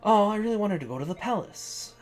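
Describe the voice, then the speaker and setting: A man's voice: high-pitched, animated, fairly quick, soft background music. Man playing a gushing young thief girl. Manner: gushing, breezy.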